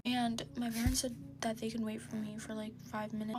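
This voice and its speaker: A teenage girl telling a storytime in a hushed, mostly whispered voice, tearful and exasperated. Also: fairly high pitch, level tone, a little fast, few pauses.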